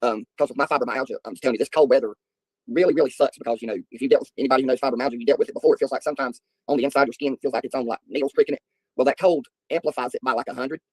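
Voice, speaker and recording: A man's voice: medium pitch, fairly even intonation, racing, darkish tone, slightly rough, no echo, poor audio. A middle-aged man, hosting a livestream and chatting with viewers in a rambling, folksy way. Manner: rambling, folksy storytelling with filler ums. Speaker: livestream host. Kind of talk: casual chat answering viewers.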